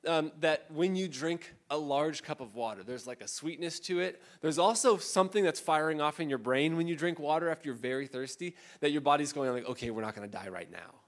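A male pastor giving a sermon in a conversational, animated way, acting out the voices he quotes. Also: fairly high pitch, brisk, few pauses. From Southern California. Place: church.

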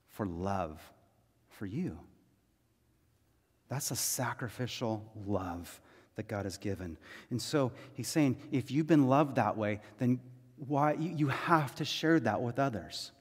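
A man's voice: lowish voice, husky, long reverb tail. A man preaching a sermon as pastor, acting out the people in a parable with casual, conversational voices.

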